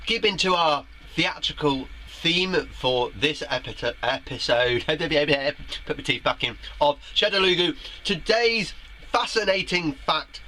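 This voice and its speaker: Brief: middle-aged male host, bright forceful tone, playful and theatrical, faint room noise. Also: expressive, a little slow, poor audio. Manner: playful, theatrical, jumps to high pitch when quoting. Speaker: host of a homemade web show. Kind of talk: chatty vlog reading out viewer comments. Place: garden shed.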